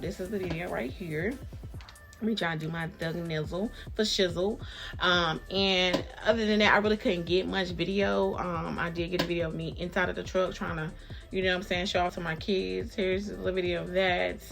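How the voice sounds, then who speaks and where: Animated woman telling a storytime. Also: brisk, gravelly, faint music behind. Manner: animated, acts out quotes with big jumps in pitch. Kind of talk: casual storytime chat.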